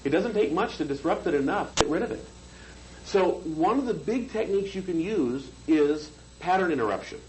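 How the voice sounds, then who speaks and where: A man's voice: on the high side, expressive, normal speed, background noise. Man teaching hypnosis in a casual seminar lecture. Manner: conversational, keeps checking in with the room. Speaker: hypnosis trainer.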